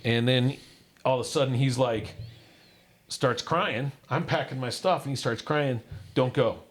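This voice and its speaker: Man candidly recounting a hard childhood. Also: a little slow. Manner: candid, acts out quoted voices, drops low on painful parts. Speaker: guest. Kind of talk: personal storytelling.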